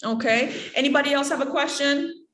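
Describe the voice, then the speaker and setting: A woman with a high, bright-pitched voice leads an acting workshop, answering students' questions. She talks in a lively, hands-on way and acts out little scenes to make her point. Her voice rings in a noticeably echoey room. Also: brisk. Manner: lively, acts out examples with laughter. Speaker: acting teacher.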